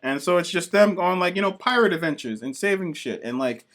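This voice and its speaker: A man co-hosting a podcast, reviewing comics in excited, profane casual chat and acting out characters in quick bits. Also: high-pitched. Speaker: podcast co-host.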